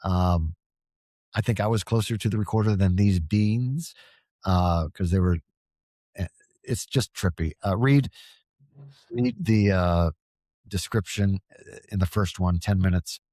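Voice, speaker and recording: A man's voice: low-pitched, a little slow, long pauses, mellow, no echo. A man talking as a guest on a podcast, rambling and earnest, often stammering and restarting. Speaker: podcast guest, paranormal field researcher. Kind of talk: casual podcast conversation.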